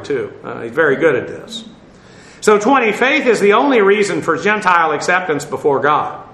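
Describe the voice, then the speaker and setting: Guy teaching the bible verse by verse, high bright voice, lots of uh and asides, echoey room. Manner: conversational, with frequent fillers and asides. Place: room, standing before a seated audience.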